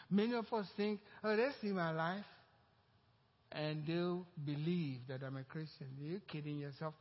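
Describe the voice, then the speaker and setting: A man preaching a sermon as pastor, acting out the voices in his story with animated emphasis. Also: a little high, measured pace. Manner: animated preaching, acts out quoted dialogue. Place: church sanctuary. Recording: dull echoey church hall recording.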